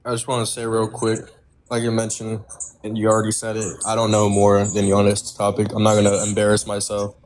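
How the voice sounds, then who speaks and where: A man calling in to a stream, talking in a flat, dismissive way. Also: fairly low pitch, fairly quick, a little hiss or hum. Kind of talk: casual chat.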